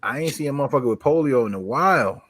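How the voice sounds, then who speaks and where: New co-host, lively voice, dry close mic, laid-back and swears. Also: male voice, mid-range voice, fast, no echo. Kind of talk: casual chat.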